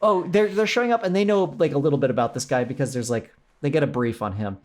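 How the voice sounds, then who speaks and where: A man's voice: a little high, quick pace. A man co-hosting a podcast, casually retelling a show with lots of laughter and jokes. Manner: laughs often while recounting, animated and joking. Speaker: podcast co-host. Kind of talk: casual storytelling chat.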